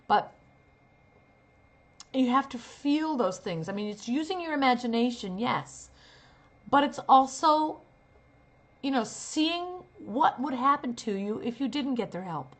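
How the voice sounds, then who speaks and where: A middle-aged acting coach and talent manager gives a casual acting lesson, her high-leaning voice animated and unhurried, with long pauses. She acts out sample lines as she explains, shifting from earnest to sarcastic.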